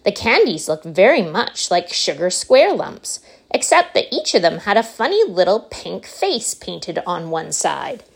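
Brief: woman storybook narrator, slow, expressive, lively pitch. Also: vocal fry, slightly rough. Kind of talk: reading a children's book aloud.

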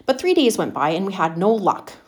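A woman's voice: medium pitch, sing-song, brisk, close to an everyday voice. A woman voicing a boastful middle-aged factory owner who spoils his daughter, talking in a chatty, bragging way.

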